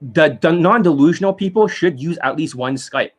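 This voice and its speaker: A man's voice: a little high, moderate pace. A man, a dating coach from Canada, talking to his students in a blunt, rambling, profane monologue and scolding them.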